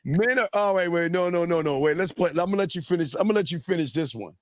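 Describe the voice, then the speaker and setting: A man hosting a casual reaction podcast, ranting in a loud, crude and animated way. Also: sits high, quick pace, no echo, clean studio sound. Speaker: podcast host.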